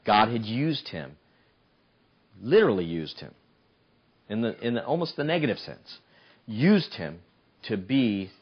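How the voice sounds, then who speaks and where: A man preaches a sermon in an animated way, his voice climbing high as he acts out a desperate plea. The recording is dull and lo-fi, like an old church tape. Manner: animated, voice climbing high when acting out Samson's pleas.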